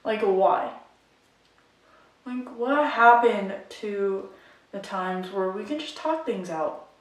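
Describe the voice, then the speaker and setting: Speaking slowly with lively intonation at medium pitch, a young makeup vlogger vents to the camera in a frustrated, rambling way, leaning on "like" a lot. The recording comes from a distant mic in an echoey room.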